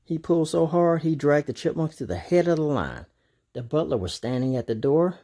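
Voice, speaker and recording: A man narrating a children's storybook aloud in an animated, expressive way. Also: fairly high pitch, moderate pace.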